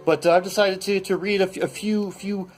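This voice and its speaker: A man hosting a comedy bit, reading a novel aloud in mock-serious deadpan, rambling and stammering through his asides. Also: high voice, a little fast. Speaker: comedy host.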